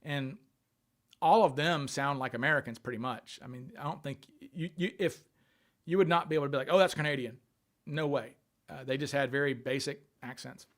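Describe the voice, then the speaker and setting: A man's voice: medium pitch, moderate pace. A man hosting a casual livestream, thinking aloud and answering questions from viewer chat. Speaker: livestream host.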